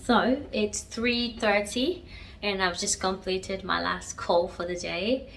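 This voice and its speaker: A woman's voice: medium pitch, fairly even intonation, takes it slowly, vocal fry, fairly bright tone, a little hiss or hum. A woman in her twenties chatting casually to viewers in a home vlog, laughing often and talking straight to camera. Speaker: vlogger.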